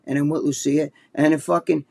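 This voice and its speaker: A man with a New Jersey accent co-hosting a podcast, telling a long story in a rambling, profane, animated way. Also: a little high, fairly quick, vocal fry. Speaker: podcast co-host. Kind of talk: casual storytelling chat.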